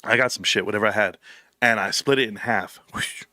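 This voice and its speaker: A man's voice: on the low side, brisk, no room sound, clean studio sound. A man hosting his own channel, rambling casually with slang and acting out little dialogues as he tells stories. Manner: animated storytelling, slangy, plays out dialogue in voices. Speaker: YouTube host.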